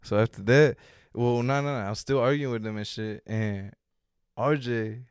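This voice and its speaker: A young man telling a story in casual chat, animated, swearing freely and acting out quotes loudly. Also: medium pitch, moderate pace, clean tone, dry recording, studio quality.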